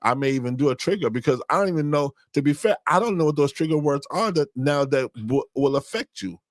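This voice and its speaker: A man's voice: fairly high pitch, fast talker, dry recording, clean studio sound. A man co-hosting a marriage podcast in casual chat, easygoing, often stopping and restarting his sentences. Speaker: podcast co-host.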